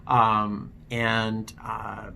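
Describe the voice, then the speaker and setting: A man's voice: lowish voice, monotone, extremely slow, creaky, sharp tone, slight background noise. A man vlogging his own recovery story, frank and self-deprecating, talking loosely with plenty of fillers. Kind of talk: candid personal storytelling to camera.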